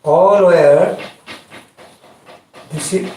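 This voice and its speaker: A man leading a scripture class, speaking halting non-native English and putting questions to his listeners. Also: high-pitched, mellow, slight background noise. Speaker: spiritual teacher leading a class. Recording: echoey room, distant mic.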